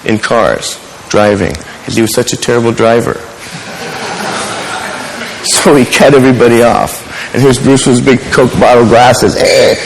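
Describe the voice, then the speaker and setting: Animated man teaching in an echoey hall. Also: medium pitch, moderate pace, creaky, a little hiss or hum. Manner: animated storyteller, asks the class questions. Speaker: martial arts instructor. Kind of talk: teaching a class with stories. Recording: echoey hall with faint ambience.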